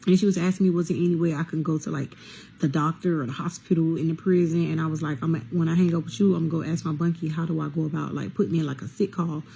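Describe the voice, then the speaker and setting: Gravelly-voiced woman telling a candid story. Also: low voice, fairly even intonation, fast talker, warm tone, slight background noise, low-quality recording. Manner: candid, addresses listeners as y'all, swears freely. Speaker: storyteller recounting prison time. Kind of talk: casual storytime monologue.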